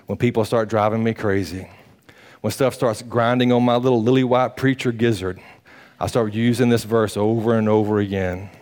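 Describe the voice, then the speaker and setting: A man, a pastor preaching a sermon in a folksy, animated storytelling manner, acting out the quotes. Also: fairly low pitch, moderate pace.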